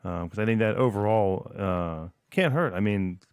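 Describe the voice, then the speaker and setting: A man's voice: lowish voice, normal speed, darkish tone, smooth, no echo, studio quality. A man co-hosting a casual podcast, rambling with many fillers and restarts. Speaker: podcast co-host. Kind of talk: casual chat.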